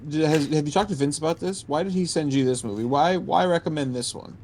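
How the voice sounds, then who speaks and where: A man's voice: fairly high pitch, fast, a little mellow, a little hiss or hum. A man co-hosting a podcast who mostly reacts with short remarks and asks follow-up questions in a casual chat. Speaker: podcast co-host.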